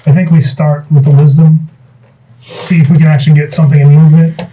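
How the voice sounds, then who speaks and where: A man playing a tabletop game, talking in a quick, wary, cautious way. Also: fairly high pitch, flat delivery, dark tone. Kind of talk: casual chat. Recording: distant room mic.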